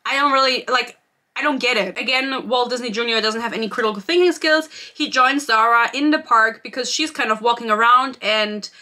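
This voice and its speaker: A woman's voice: fairly high pitch, a little fast, bright, forceful tone. A woman giving a casual, sarcastic book review rant, swearing freely and laughing often.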